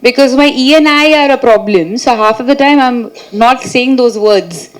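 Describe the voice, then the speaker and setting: A woman's voice: fairly high pitch, moderate pace, low-quality recording. A woman actress answering press questions in a chatty, playful way, laughing often and restarting her sentences. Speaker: actress at a film press meet. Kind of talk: casual press-meet answers.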